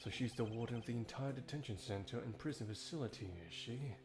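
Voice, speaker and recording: Composed formal prosecutor, measured and dry, low-key, as a man voices him. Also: a crowd in the background, close to an everyday voice. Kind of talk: game voice-over dub.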